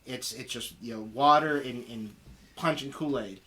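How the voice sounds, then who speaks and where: A man's voice: mid-range voice, moderate pace, a bit bright, slight background noise. A man hosting a livestream, chatting casually, joking and teasing his guest as he leads each segment. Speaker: stream host.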